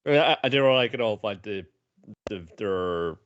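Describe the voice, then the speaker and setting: A man co-hosting a podcast in casual chat, halting and repeating words as he thinks. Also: lowish voice, animated. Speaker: podcast co-host. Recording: dull lo-fi mic.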